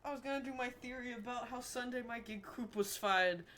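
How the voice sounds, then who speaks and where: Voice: medium pitch, fairly quick, pushed and bright, slight background noise. A game streamer on a live stream from a desk at home, casually rambling, easily flustered and laughing often.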